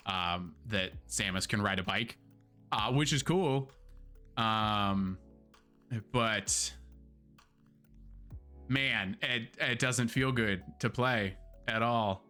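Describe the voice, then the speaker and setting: Bright-voiced chatty male streamer. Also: lowish voice. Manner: chatty, lots of fillers, candid with swearing. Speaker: streamer and host. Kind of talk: casual live-stream game review.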